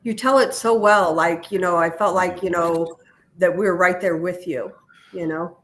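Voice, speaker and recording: A woman's voice: fairly low pitch, steady tone, moderate pace. A woman co-hosting a live show, thanking the guest with supportive reactions. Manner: warm supportive reactions, lots of affirmations.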